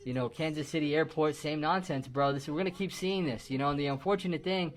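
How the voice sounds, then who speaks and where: A man's voice: fairly high pitch, fast. A man giving casual, slangy reaction commentary with a warning tone.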